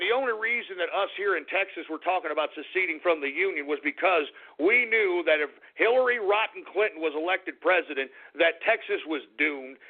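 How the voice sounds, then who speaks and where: A man hosting a talk radio show, ranting furiously with profane insults. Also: a little high. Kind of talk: angry talk radio rant. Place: lives in Texas. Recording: narrow phone-like radio audio.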